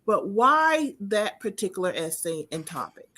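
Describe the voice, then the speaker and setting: A woman's voice: medium pitch, very animated, a little slow, bright, forceful tone. Chatty woman hosting a conversation. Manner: chatty, personal, with many restarts. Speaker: host. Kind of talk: conversational interview.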